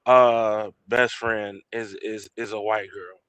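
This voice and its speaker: Bright-voiced man who stutters and restarts. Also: fairly low pitch, flat delivery, clear, resonant tone, dry recording. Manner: halting, stutters and restarts, blunt street talk. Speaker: panel guest. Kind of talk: casual podcast debate.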